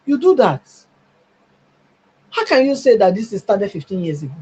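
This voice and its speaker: Calling in to comment on a live stream, this husky middle-aged Nigerian woman pushes her emphatic delivery close to shouting. Her mid-range voice swings widely in pitch at a moderate pace with frequent pauses, and the sound is slightly dull and lo-fi.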